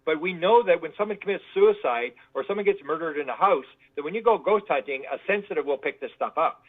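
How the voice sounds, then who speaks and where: A guest researcher being interviewed tells stories casually, his voice on the high side, animated and fast. He rambles, often repeats words and imitates the voices he quotes, all heard through a tinny phone line.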